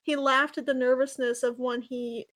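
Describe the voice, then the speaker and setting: A young adult woman with a high voice reads silly fan fiction aloud for laughs. She mocks the text as she goes and drops dry, deadpan asides. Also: moderate pace. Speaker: comedy host reading fan fiction. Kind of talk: casual comedic dramatic reading.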